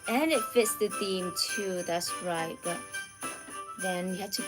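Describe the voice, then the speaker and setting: Brief: woman art streamer, unhurried, chatty with chat, faint music underneath. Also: lowish voice. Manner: chatty, reads out viewer comments, drifts into soft near-whispers. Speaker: art livestream host. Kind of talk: casual livestream chat with viewers.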